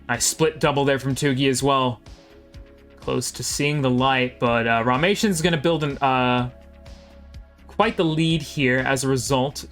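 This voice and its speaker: A man giving live play-by-play commentary on a video game match, calling each move quickly and chatting with viewers between plays. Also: medium pitch, a bit bright.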